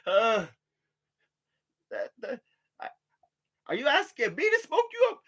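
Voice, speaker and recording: A man's voice: extremely high pitch, sing-song, takes it slowly, long pauses. A man telling loose, profane stories in a casual vlog, laughing often and trailing off into fillers. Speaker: vlogger. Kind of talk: casual rambling storytelling.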